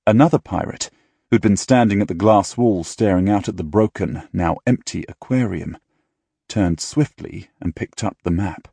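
A man reading an audiobook in measured, dramatic storytelling style, close to a studio mic. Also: on the low side, vocal fry, mellow, slightly rough, no room sound. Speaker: audiobook narrator. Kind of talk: scripted audiobook narration.

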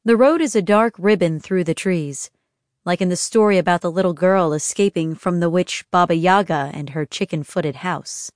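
A woman narrating an audiobook in a gentle, even storytelling manner. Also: on the low side, normal speed, no echo, studio quality. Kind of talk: scripted narration.

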